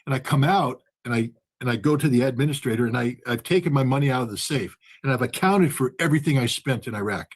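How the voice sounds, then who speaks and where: Male guest, husky voice, animated storyteller who acts out the dialogue. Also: mid-range voice, quick pace, hardly any pauses. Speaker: guest, former weapons inspector. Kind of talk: storytelling in a conversation.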